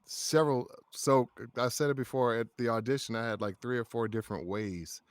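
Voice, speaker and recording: A man, a voice actor guest, chatting on a livestream and telling lively stories with frequent laughs. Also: mid-range voice, fairly quick, no echo. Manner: animated storyteller, laughs often. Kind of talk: casual livestream chat.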